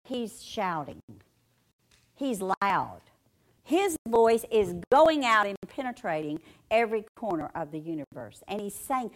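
Slow, emphatic woman preaching. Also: medium pitch, sing-song. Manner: dramatic, emphatic, with heavy pauses and repetition; asks the audience direct questions. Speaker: Bible teacher. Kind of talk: sermon.

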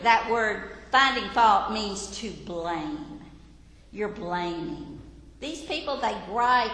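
A woman's voice: mid-range voice, fairly bright tone, slight background noise. A woman gives a Bible lesson in an earnest, exhorting, conversational way, as a Sunday school teacher. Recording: echoey hall with room reverb.

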